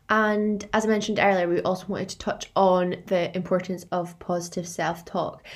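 A young woman, co-hosting a podcast, telling reflective personal anecdotes in casual chat. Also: on the low side. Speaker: podcast co-host.

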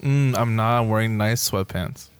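A man's voice: on the low side, moderate pace, clear, resonant tone, faint music behind. A man from New York City co-hosting a podcast, laid-back and teasing. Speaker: podcast co-host. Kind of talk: casual podcast banter.

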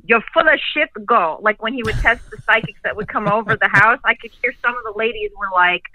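A woman telling stories as a guest on a video call, animated and profane, laughing often. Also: a little high, quick pace, slight background noise, poor audio. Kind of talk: casual storytelling chat.

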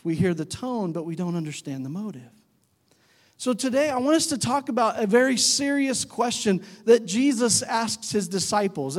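High-voiced pastor preaching in a reverberant hall. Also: male voice. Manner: conversational, animated when imitating talk to his dog. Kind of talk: sermon.

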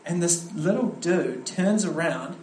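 A young man delivers a sermon at a youth camp, his voice sitting a little higher than most men's. He tells stories with energy, often restarting his phrases. The sound is roomy and echoey, with faint ambience behind him. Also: slow, slight background noise. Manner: animated storytelling with frequent restarts. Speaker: youth pastor preaching at a camp.

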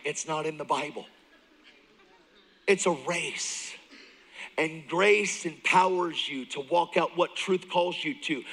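A middle-aged man preaching a testimony sermon, moving from hushed intensity to excited near-shouting. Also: high voice, rough recording. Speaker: guest preacher.

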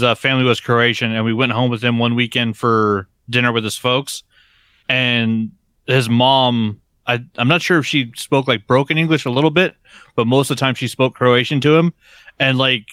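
A man's voice: mid-range voice, pushed and bright, no echo, studio quality. A man co-hosting a podcast, telling a laid-back story and swearing casually. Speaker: podcast co-host.

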